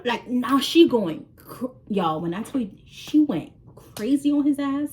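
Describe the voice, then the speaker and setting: A woman vlogger tells a story to her viewers in a casual, slangy way with plenty of swearing. Her voice sits slightly high and swings widely as she acts out every scene. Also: animated, unhurried, hardly any pauses, darkish tone.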